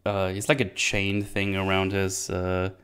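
A man's voice: low voice, monotone, unhurried, a bit bright, smooth. A man hosting a casual solo movie recap, rambling and laughing often, with many restarts. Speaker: podcast host reviewing a movie.

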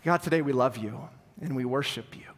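A male pastor giving a sermon, telling a story in an animated way that swings from loud to hushed. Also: mid-range voice, brisk. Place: church sanctuary. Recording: long church reverb.

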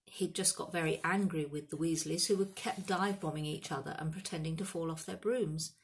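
Breathy woman reading a storybook aloud. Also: sits low, steady tone, a little fast. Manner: reads aloud, does character voices. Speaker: reader. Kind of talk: audiobook reading.

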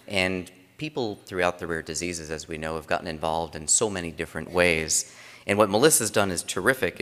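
A man's voice: sits low, a bit bright. A man giving opening remarks as conference chairman, telling stories in a loose, conversational way with frequent restarts, in a large conference room. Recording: long reverb of a conference hall.

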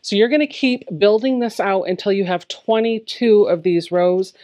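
A woman's voice: mid-range voice, moderate pace, mellow. A woman giving a step-by-step quilting tutorial, explaining each step plainly in a friendly, encouraging way. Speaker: quilting instructor.

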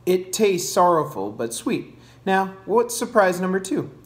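A man reading aloud, voicing an old, kindly Southern woman who speaks slowly. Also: high voice, big pitch swings, voice pushed up. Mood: warm.

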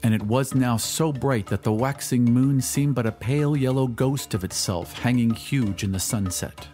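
A man giving a measured, dramatic audiobook narration of a classic story. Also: mid-range voice, dark tone. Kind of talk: scripted narration. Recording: faint music bed under narration.

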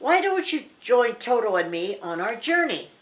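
Woman doing a storybook little girl, earnest, higher voice. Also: very animated, moderate pace. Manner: earnest, exclaiming. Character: young girl, brave and kind.

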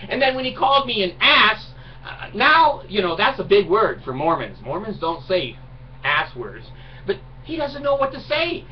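Middle-aged vlogger, animated mocking rant, recorded far off with faint hiss. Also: male voice, high-pitched, normal speed. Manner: mocking, indignant, laughs at own jokes. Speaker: video blogger. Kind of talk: ranting monologue. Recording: distant mic, dull lo-fi sound, faint noise.

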